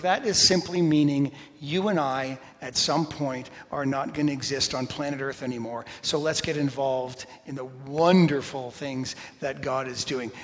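A man preaching a sermon as pastor, energetic and emphatic, with quick asides. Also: mid-range voice. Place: church sanctuary. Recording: long reverb of a large hall.

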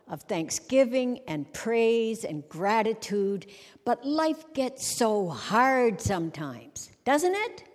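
A middle-aged woman giving a humorous sermon on a church stage, a wry storyteller who jokes and acts out little scenes. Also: on the high side. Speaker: church speaker. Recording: long hall reverb.

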